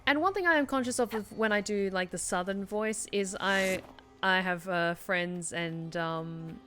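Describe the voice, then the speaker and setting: A woman streamer chatting casually as she plays, thinking out loud. Her talk wanders and hesitates, filled with ums and restarts. Faint game music sits in the background. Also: medium pitch, unhurried. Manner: musing aloud, hesitant, lots of fillers. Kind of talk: casual gameplay commentary.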